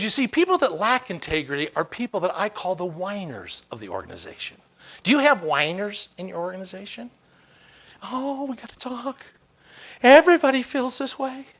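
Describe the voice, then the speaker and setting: Motivational speaker, high voice, punchy storytelling. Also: male voice, bright, forceful tone. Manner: emphatic storytelling with acted dialogue. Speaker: keynote speaker. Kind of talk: motivational keynote speech.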